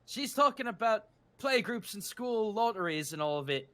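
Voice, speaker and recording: Man doing a pushy tattoo artist, high voice, lively, bright. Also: normal speed. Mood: pushy, chummy.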